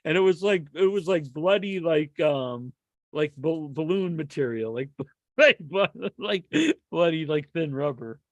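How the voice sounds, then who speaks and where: A man co-hosting a podcast in casual chat, an animated storyteller who laughs often and acts out sounds. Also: a little high, unhurried, dry recording, muffled recording. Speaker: podcast co-host.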